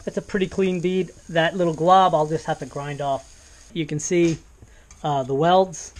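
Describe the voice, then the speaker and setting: A man talking casually through a workshop boat build, often pausing with fillers and restarting his sentences. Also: fairly high pitch, fairly even intonation, noisy background. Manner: hesitant, many "uh" fillers and restarts.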